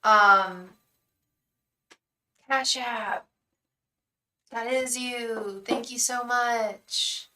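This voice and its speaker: A woman's voice: fairly high pitch, steady tone, very slow, pauses often, sharp tone, rough recording. A young woman hosting a live tarot reading, chatting effusively with viewers and thanking them by name.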